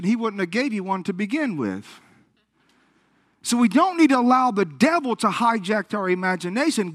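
A male preacher telling a healing story in a sermon, animated and acting out the quotes. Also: very high-pitched, no echo, studio quality. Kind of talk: sermon testimony.

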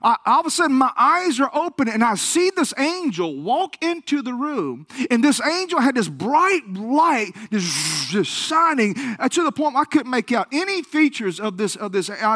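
A male preacher telling a healing story in a sermon, animated and acting out the quotes. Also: extremely high pitch, dry recording, studio quality. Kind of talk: sermon testimony.

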